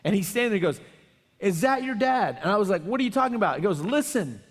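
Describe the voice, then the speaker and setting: A man preaching a sermon as a pastor, telling a story with animated, acted-out quotes and then praying quietly. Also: sits high, rapid-fire, breathy edge, in a large hall.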